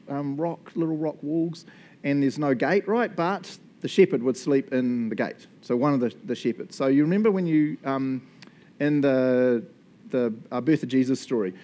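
A man's voice: a little high, warm tone. A man, preaching as a pastor, praying and then teaching in an earnest, enthusiastic way with frequent laughs. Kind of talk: sermon with spoken prayer.

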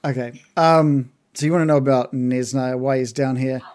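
A man narrating as game master, relaxed with chuckles and fillers. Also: mid-range voice, normal speed, a little hiss or hum.

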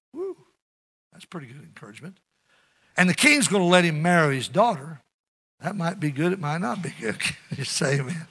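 A middle-aged male pastor preaching a sermon in call-and-response style, drawing amens from the congregation. His voice sits a little high and rings bright and forceful. He swings between loud emphasis and hushed asides.

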